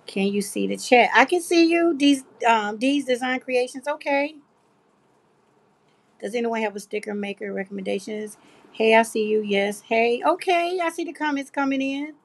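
A woman's voice: a little high, moderate pace. A middle-aged woman, hosting a live craft stream and chatting casually with her viewers as she reads their comments. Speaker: craft livestream host. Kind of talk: casual livestream chat.

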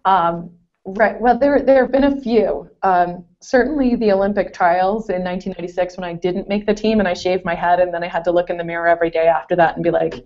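A woman's voice: lowish voice, steady tone, fairly quick, a little mellow. A woman in her forties, a former competitive swimmer, telling stories in a casual interview with lots of laughter and self-deprecating asides. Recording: dull lo-fi call audio.

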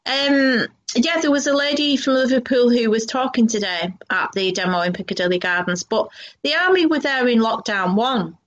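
A woman co-hosting a radio talk show chats casually in an interview, rambling with many fillers. Her voice is fairly high and her pace moderate, captured on dull lo-fi audio.

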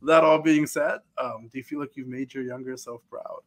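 A man hosting a casual interview podcast, reacting quickly and wrapping up with questions. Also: medium pitch, steady tone. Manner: friendly, quick reactions and affirmations. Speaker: podcast host.

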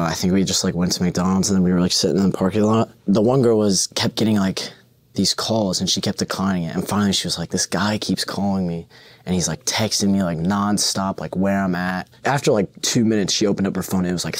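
A young man with a very low voice tells a loose, rambling story full of "like". His voice is recorded dry and close. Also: no echo. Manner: rambling, filler-heavy storytelling. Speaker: student storyteller. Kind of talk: casual anecdote.

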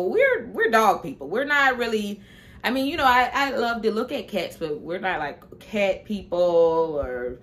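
A young woman vlogger chatting casually to camera in an expressive, slangy, animated way. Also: mid-range voice.

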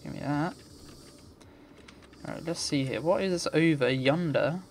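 A man's voice: a little high, measured pace, a little mellow, a little hiss or hum. A man giving let's play commentary, muttering to himself and swearing in frustrated rants. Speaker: gamer.

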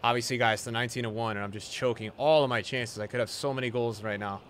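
A young adult man giving live commentary over his own video game matches, excitable, jumping from loud yelps to low muttering. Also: fast talker, slight background noise. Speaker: gaming video creator.

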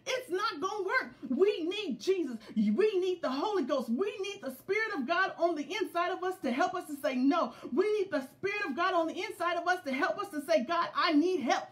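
A middle-aged woman preaching a sermon in a fervent, repetitive cadence that builds to shouts. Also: very high voice. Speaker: preacher, pastor's wife.

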